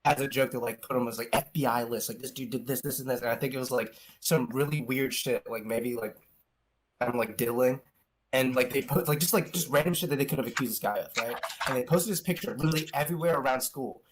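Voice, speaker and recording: A man's voice: mid-range voice, fast, background noise. A young man co-hosting a podcast, telling a rambling, profane school story in casual chat and laughing along with it. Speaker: podcast co-host.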